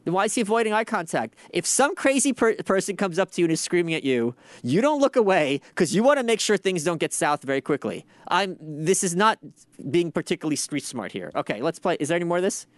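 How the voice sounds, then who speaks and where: Male podcast host, sardonic ranter, swears freely, slightly high voice, dry close mic. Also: fast, dry recording. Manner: sardonic, profane, animated rants. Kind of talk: casual commentary.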